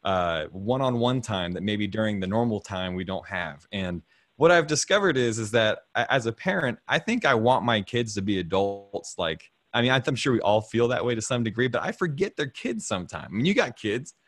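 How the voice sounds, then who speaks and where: A podcast host in his thirties talks about faith and fatherhood over a video call in a casual, rambling way, repeating words and chuckling often. His voice is lowish and a bit bright with big pitch swings, at a moderate pace, recorded dry.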